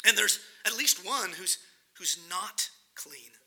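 A man preaching a sermon, explaining a scripture passage and acting out its characters with animated emphasis. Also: high voice, slow pace, creaky, slight background noise. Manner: animated, dramatizing the scripture with acted-out voices.

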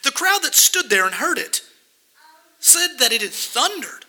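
A male pastor delivering an expository sermon, his voice pitched very high for a man and strikingly bright and sharp. He reads scripture verses aloud and then unpacks them with earnest emphasis. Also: sing-song, unhurried, low-quality recording.

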